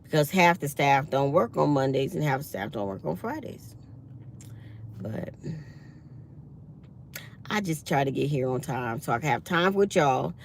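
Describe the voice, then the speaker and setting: A woman, chatting casually to her viewers from her parked car, telling lively stories with acted-out quotes. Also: low voice, measured pace, vocal fry, pauses often, slight background noise. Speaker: vlogger. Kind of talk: casual morning chat to viewers.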